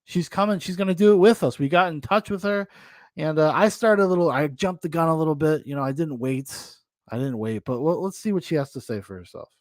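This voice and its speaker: A man hosts a podcast in loose, rambling chat and laughs often. His voice sits a bit high. The sound is close and dry. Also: fairly quick, dry recording. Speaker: podcast host. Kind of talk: casual chat.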